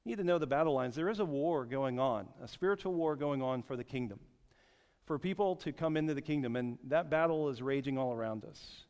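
Earnest pastor preaching in an echoey hall. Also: male voice, mid-range voice, a little fast, darkish tone. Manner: storytelling, earnest, repeats words. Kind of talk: sermon. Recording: echoey hall, dull sound.

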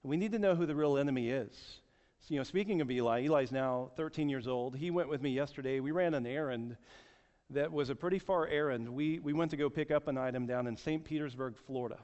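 Earnest pastor preaching in an echoey hall. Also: male voice, mid-range voice, fast, darkish tone. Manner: storytelling, earnest, repeats words. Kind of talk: sermon. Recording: echoey hall, dull sound.

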